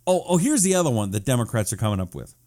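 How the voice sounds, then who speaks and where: Animated sarcastic male talk show host. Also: medium pitch, very fast. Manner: animated and sarcastic, mocks viewers in a whiny voice. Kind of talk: live-streamed political talk show reading viewer comments.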